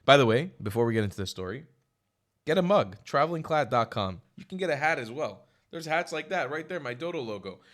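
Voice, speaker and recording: A man's voice: mid-range voice, expressive, fairly quick. Blunt, profane man ranting on camera. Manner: blunt, profane, emphatic, swings from loud to quiet. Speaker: reaction video host. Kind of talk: casual opinionated commentary. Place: lives in Israel.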